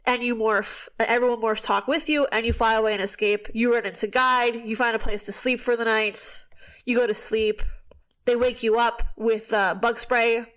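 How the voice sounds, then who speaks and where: Woman, podcast host, casual recap, animated storytelling, slightly high voice. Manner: animated storytelling, quick asides, swearing. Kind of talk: casual chat recapping a book.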